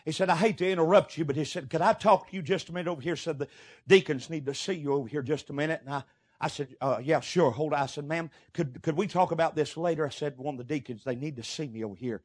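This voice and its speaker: Preacher, middle-aged man, high voice, folksy sermon storytelling with shouts. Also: quick pace, husky. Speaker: pastor.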